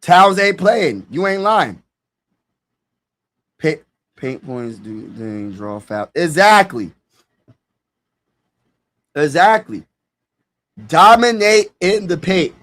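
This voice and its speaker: A man streaming live play-by-play commentary on a basketball game, talking casually with slang, hyping his viewers and bursting into shouts at big plays. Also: a little high, sing-song, takes it slowly, long pauses.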